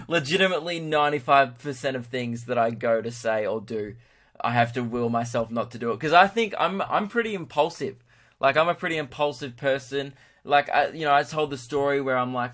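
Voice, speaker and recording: Rambling Australian comedian, casual and crude. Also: male voice, medium pitch, moderate pace, a bit bright. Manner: rambling, impulsive, swearing, laughing at own jokes. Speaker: comedian podcast host. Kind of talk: casual solo podcast chat.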